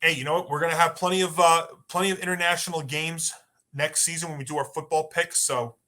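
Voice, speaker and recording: Man, sports podcast co-host, bright tense voice, slightly high, chatty. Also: fairly even intonation, fast talker. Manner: chatty, rambling with restarts. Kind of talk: casual sports talk.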